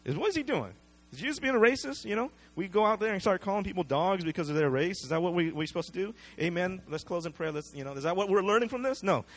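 Higher-voiced man preaching a casual sermon. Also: lively intonation, quick pace, hardly any pauses. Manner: conversational, acts out the story in everyday voices.

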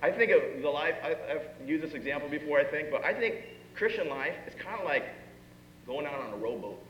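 Pastor, male, talkative preaching with rhetorical questions, slightly higher voice, roomy hall with faint background noise. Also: expressive, a little fast, fairly bright tone. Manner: conversational, with rhetorical questions and acted-out asides. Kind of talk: sermon. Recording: echoey hall, dull sound, faint room noise.

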